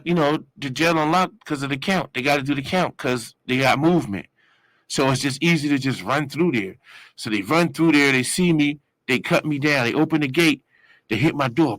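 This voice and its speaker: A man in his forties tells a long street story in loose slang, rambling and circling back as he goes. He jumps into sudden high yells when he acts out other people. The sound is close and dry. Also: no echo, poor audio. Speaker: guest telling a story. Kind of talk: casual storytelling.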